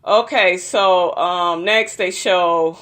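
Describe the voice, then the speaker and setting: A woman's voice: lowish voice, steady tone, slow pace, fairly bright tone. Gossipy, foul-mouthed woman recapping reality TV. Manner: profane, gossipy, addresses viewers as y'all. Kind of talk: casual episode recap.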